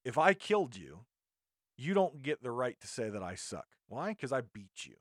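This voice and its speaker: A man's voice: mid-range voice, sing-song, moderate pace, no room sound, studio quality. A man hosting a podcast, ranting indignantly in a monologue and often restarting his sentences. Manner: indignant, rambling with frequent restarts. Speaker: podcast host.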